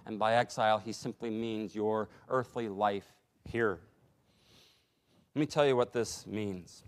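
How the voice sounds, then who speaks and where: A man preaching a sermon in a slow, deliberate way, pausing for emphasis. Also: lowish voice, steady tone. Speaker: pastor.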